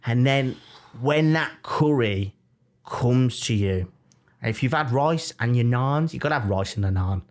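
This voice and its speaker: A young man with a Birmingham accent chats on a podcast, and his voice sits at an ordinary mid pitch. He tells his stories in an animated, teasing way with playful mock-defiance. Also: a little slow. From Birmingham, England. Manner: animated, jokey storytelling with mock-defiant asides. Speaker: podcast co-host. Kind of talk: casual chat.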